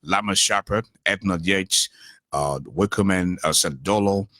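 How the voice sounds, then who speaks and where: A man hosting a radio talk show, who briskly interjects and reads out the sponsors. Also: deep voice, bright, forceful tone, no room sound.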